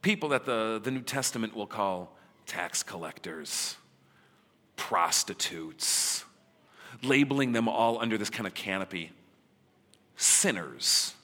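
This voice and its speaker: A male pastor delivering a sermon in a conversational, emphatic way, with dramatic pauses. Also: fairly low pitch, lively intonation, pushed and bright. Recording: long hall reverb.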